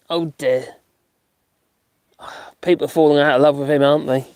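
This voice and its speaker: A man's voice: on the high side, fairly even intonation, moderate pace, long pauses, darkish tone, smooth, dry recording, studio quality. A middle-aged man, hosting a casual live stream, chatting, laughing often and making mocking asides as he reads out comments. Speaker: live-stream host reading chat. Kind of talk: casual chat.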